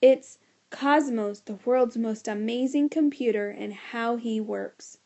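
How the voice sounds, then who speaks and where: An earnest schoolboy, urgent and sometimes yelling to be heard, as a woman reads him aloud. The voice sits fairly high with a gravelly edge and a mellow, dark tone. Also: normal speed, muffled recording. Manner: loud insistent yelling at times.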